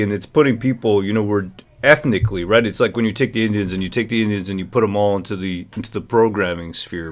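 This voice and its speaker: A man's voice: fairly low pitch, fairly bright tone. A man co-hosting a livestream, rambling in casual chat, reading the chat and laughing often. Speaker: livestream co-host.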